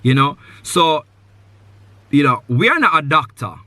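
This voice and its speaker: Bright, earnest man hosting a podcast. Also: on the high side, big pitch swings, unhurried, no room sound. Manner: earnest, advice-giving, repeats key points; loose sentences with many "you know" fillers. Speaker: podcast host. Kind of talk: live podcast conversation with a guest.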